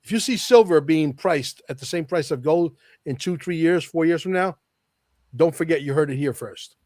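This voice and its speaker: A man's voice: on the high side, normal speed, a little mellow, no room sound. A man as a podcast guest, talking emphatically and repeating key lines for effect. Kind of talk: podcast interview talk.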